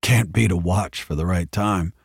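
A man voicing a weary, wary male space marine who asks quiet, guarded questions. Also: deep voice, moderate pace, creaky, slightly rough, dry recording, studio quality, heavily acted.

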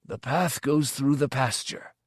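A man's voice: medium pitch, steady tone, measured pace, husky, no echo, studio quality. A man voicing a teasing white-haired old village man who speaks in a mock-indignant way.

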